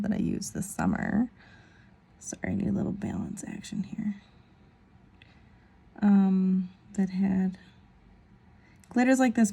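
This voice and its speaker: Woman in her 30s, nail vlogger, mellow and gravelly, chatty rambling delivery. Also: on the low side. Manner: chatty, rambling, self-deprecating asides. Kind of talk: casual tutorial chat.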